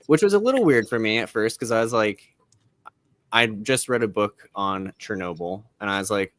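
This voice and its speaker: A man co-hosting a podcast in casual chat, ranting in a wry, animated way. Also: on the low side. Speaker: podcast co-host.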